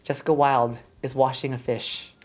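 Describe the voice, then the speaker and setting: A woman co-hosting a casual podcast chat, animated and swearing freely, acting out quotes. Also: extremely low pitch, moderate pace. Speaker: podcast co-host recapping a reality show.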